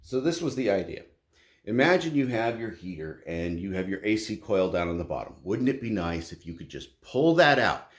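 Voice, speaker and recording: A man's voice: on the low side, sing-song, normal speed, reverberant. A middle-aged man ranting bluntly and profanely as a tradesman vlogger, exasperated and dismissive.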